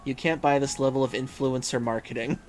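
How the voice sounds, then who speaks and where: A man's voice: medium pitch, fairly even intonation, fairly quick, faint music behind. A man hosting a livestream in casual chat, reading viewers' messages aloud and musing with frequent hums and fillers. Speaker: livestream host.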